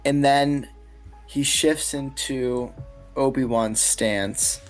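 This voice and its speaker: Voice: medium pitch, fairly even intonation, faint music behind. A podcast co-host in a casual discussion, speaking hesitantly with many restarts. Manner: hesitant, halting.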